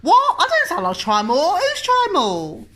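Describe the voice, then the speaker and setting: A woman's voice: very high-pitched, huge pitch swings, measured pace, sharp tone, voice pushed up, heavily acted. A woman putting on a brassy East End voice with a put-on East London accent, bantering and calling people love.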